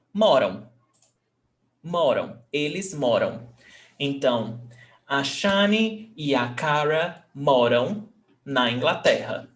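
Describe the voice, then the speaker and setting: A man teaching an online language class. His voice sits a little high for a man, and he speaks in an unhurried, deliberate way. He breaks his explanations with frequent check-ins to make sure his students are following. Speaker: Portuguese teacher.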